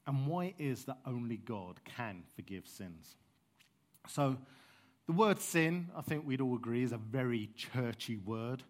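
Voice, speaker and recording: A man's voice: medium pitch, darkish tone. A man preaching a sermon in a passionate, conversational way, with frank asides to his listeners.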